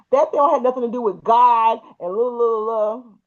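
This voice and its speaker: A woman hosting a podcast, telling a personal story in a lively way, laughing often and acting out the people in it. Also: a little high, brisk. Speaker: podcast host. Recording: muffled, dull audio.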